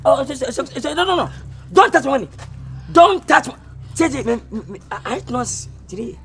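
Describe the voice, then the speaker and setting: An actor with a Ghanaian accent playing a blustering husband who stammers and defends himself in a comedy film. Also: male voice, very high-pitched, big pitch swings, fairly quick, vocal fry, sharp tone, heavily acted.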